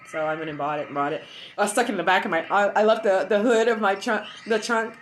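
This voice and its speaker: A woman chatting casually on a livestream from her home while high on cannabis, telling stories loudly and with lots of animation. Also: quick pace, a little hiss or hum. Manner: loud and animated storytelling. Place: at home indoors.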